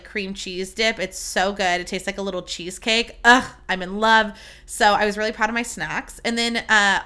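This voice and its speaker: A young woman hosts her own podcast, chatting casually on her own in a bubbly, gushing way and swearing freely. Her voice sits in the mid range, with a bright, forceful tone.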